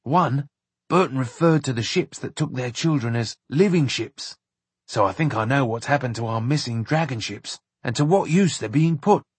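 A man reading an audiobook, voicing a grave, troubled old grandfather in a halting delivery. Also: medium pitch, animated, husky, dry recording. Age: older.

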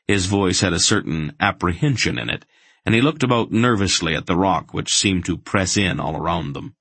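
A man narrating an audiobook in a steady, even storytelling voice. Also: low-pitched, moderate pace, husky, no echo.

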